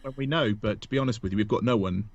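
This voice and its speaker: A man's voice: fairly low pitch, very fast, no room sound, dull audio. A man co-hosting a casual podcast, joking, self-mocking and laughing often. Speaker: podcast co-host. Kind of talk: casual chat.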